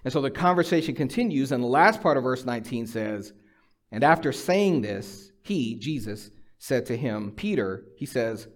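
A man's voice: mid-range voice, lively intonation, moderate pace. A middle-aged man preaching a sermon, mixing personal storytelling, dry humor and emphatic, conversational exhortation. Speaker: pastor.

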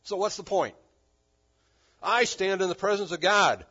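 Bold insistent angel guy, a preacher putting him on, kinda high voice, dull lo-fi sound. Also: expressive, measured pace, slightly rough, exaggerated voice. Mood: emphatic. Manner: forceful, insistent. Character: emphatic male angel messenger, bold and confident. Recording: dull lo-fi recording.

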